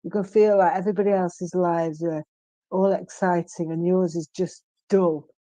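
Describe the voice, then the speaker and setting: Woman, 50s, warm low-toned timbre, close dry sound, earnest, pausing often. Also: steady tone, no echo. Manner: earnest and emphatic, with frequent pauses and restarts. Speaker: guest, stroke survivor. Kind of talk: candid interview conversation.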